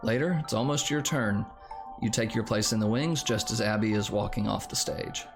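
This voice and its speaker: A man's voice: fairly low pitch, normal speed, vocal fry. A man reads a choose-your-story game aloud and adds wry, casual remarks between lines. Faint music plays underneath his voice. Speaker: streamer playing a story game.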